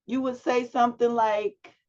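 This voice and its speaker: A woman's voice: on the high side, fairly even intonation, a little slow, darkish tone. A woman teaching a public speaking class over a video call, prompting students with questions and giving feedback. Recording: dull lo-fi video call audio.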